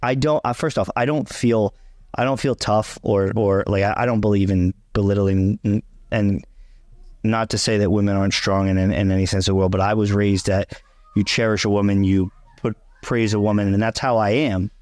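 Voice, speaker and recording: A young man in casual chat, blunt and emphatic, dropping swear words as plain talk. His voice sits low, recorded close and dry with no room sound. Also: fairly even intonation, moderate pace, darkish tone, dry recording. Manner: repeats himself for emphasis. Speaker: vlog co-host.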